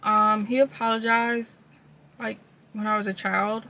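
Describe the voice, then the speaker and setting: A woman vlogger talks candidly and casually about her own life in a personal confessional video, addressing viewers directly. Her medium-pitched voice is flat and unhurried, with a pushed, bright quality.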